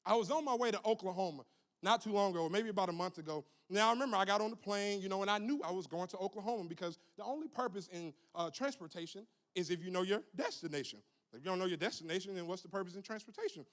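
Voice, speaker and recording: High, bright-voiced young preacher man. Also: fast. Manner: animated, humorous, call-and-response with the crowd. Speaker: youth minister. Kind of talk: youth sermon.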